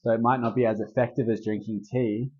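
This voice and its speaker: A man's voice: mid-range voice, flat delivery, fast talker, a little mellow, muffled recording. A man leading a casual herbalist workshop, talking in a laid-back, rambling way with lots of fillers. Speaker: herbalist leading a group talk.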